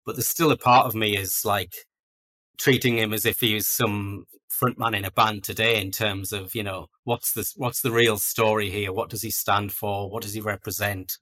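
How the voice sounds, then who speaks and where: A man's voice: fairly low pitch, steady tone, normal speed, pushed and bright. A man, chatting about his life in a casual podcast interview in a chatty, self-deprecating storytelling way. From North East England. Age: 40s. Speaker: guest author.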